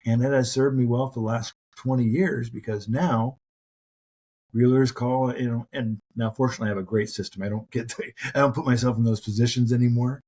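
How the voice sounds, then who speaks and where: A man's voice: medium pitch, fairly even intonation, brisk, dark tone, slightly rough, poor audio. A middle-aged man, a guest on a podcast, telling career stories in an earnest, anecdotal way during a casual interview. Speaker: podcast guest, mortgage professional.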